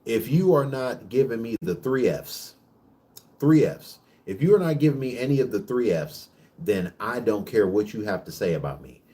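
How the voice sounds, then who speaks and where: A man's voice: mid-range voice, lively intonation, mellow. Profane, preachy man ranting on camera. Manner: rapid bursts with frequent restarts. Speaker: vlog host. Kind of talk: casual monologue rant.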